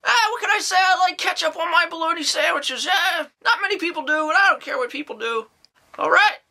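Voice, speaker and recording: An eccentric, creepy old nun who talks in a very high, piercing voice, put on by a woman. She rambles in a folksy way and keeps breaking into exclamations as she reviews a horror movie in a comedy sketch. Her tone is bright and sharp. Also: animated, brisk, vocal fry, exaggerated voice, low-quality recording. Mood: rambling. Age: older. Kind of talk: comedic character monologue.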